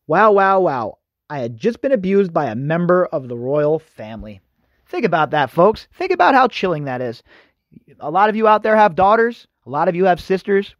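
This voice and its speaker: A man with a high, lively voice rants through his news commentary, swinging his pitch up and down as he grows indignant. The sound is dull and dry, like a lo-fi home recording. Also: dry recording. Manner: indignant, ranting, addresses listeners as folks. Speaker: podcast host.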